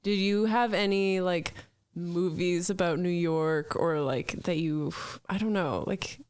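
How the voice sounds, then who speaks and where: A woman hosting a podcast in casual chat, giggly and quick to react. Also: lowish voice, a little mellow, clear, resonant tone, no room sound. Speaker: podcast host.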